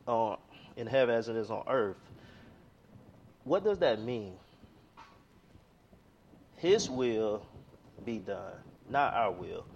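Man preaching, conversational storytelling, reads scripture aloud, slightly muffled lo-fi sound. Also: mid-range voice. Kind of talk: sermon.

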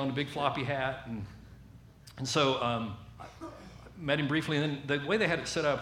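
A man with a Southern American accent preaching a sermon as a lively storyteller, acting out the voices of the people in his story. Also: mid-range voice, roomy sound, slight background noise.

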